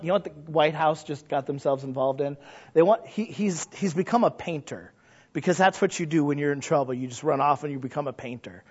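A pastor with a fairly high-pitched voice preaches to his congregation in a conversational way, often asking them questions. He moves from quiet asides into loud, emphatic exclamations, heard through a muffled lo-fi recording.

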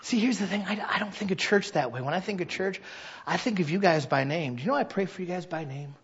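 A husky, high-voiced male pastor preaches at a quick pace in a church sanctuary. He's candid and self-mocking, swinging from quiet, confiding moments to loud, impassioned ones, and the highs in the recording are cut off.

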